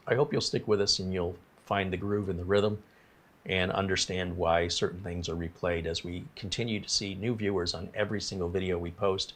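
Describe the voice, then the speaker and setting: Low-voiced man hosting a casual livestream. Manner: rambling, apologetic, reads viewer comments aloud. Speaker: livestream host.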